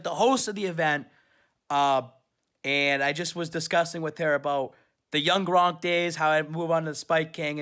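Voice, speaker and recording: A man's voice: on the high side, a bit bright. A superfan man recapping his trip in a casual, rambling story. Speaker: superfan vlogger.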